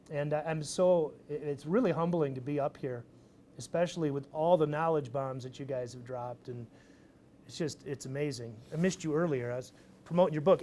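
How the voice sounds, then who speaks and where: A man giving a casual, energetic talk to an audience at a live event, swearing freely as he tells his story. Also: a little high, slight background noise. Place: event stage.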